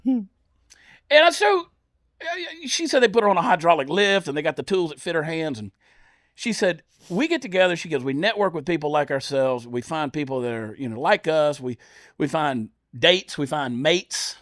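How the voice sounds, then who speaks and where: A man telling comic stories as a podcast guest, acting out everyone he quotes. His voice is pitched high and swoops all over. He is recorded up close with no room echo. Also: moderate pace. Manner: animated storyteller, lively acted-out quotes. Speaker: comedian guest. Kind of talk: storytelling on a podcast.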